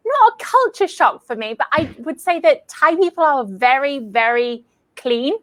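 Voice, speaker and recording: A British English teacher chats in a casual, easygoing way, her voice sitting high. She strings thoughts together with frequent "like"s. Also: animated, moderate pace, a bit bright. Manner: chatty, fills talk with "like". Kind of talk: casual chat.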